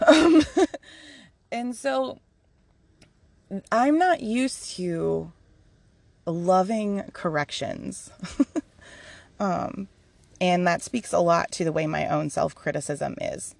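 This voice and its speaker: A woman's voice: on the low side, animated, extremely slow, vocal fry, long pauses, a little mellow, no echo. A woman hosting a podcast in a casual, candid monologue, laughing often as she shares. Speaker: podcast host.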